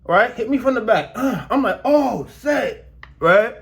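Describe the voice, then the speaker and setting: A young man vlogging casually to his viewers about his dental work, slangy and animated, his mouth still sore. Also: high-pitched, normal speed. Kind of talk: casual storytelling vlog.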